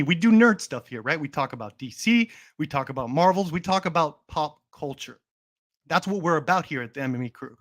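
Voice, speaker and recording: A man's voice: on the high side, a bit bright. A young man hosting a casual livestream who jokes around in a playful, mock-boastful way and talks straight to his chat. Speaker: livestream host.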